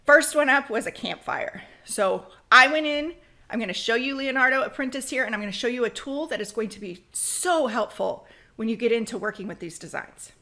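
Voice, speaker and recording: Bright-voiced woman giving a software tutorial. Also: fairly high pitch, brisk. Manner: chatty, speeds up when excited; practical, direct advice. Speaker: crafting software tutorial host. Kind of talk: screen-recorded software tutorial.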